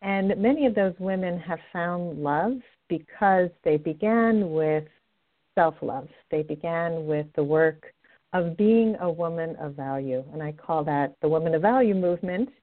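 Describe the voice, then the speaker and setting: A middle-aged woman with a lowish voice hosts a radio show as a love coach, talking unhurriedly in an upbeat, direct monologue. The audio is tinny, like a phone line.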